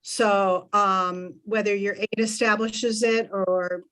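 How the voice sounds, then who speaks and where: A woman's voice: medium pitch, fairly even intonation, slow pace, a bit bright, poor audio. A woman on a committee's staff, giving practical procedural advice to legislators at a hearing. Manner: practical, explanatory.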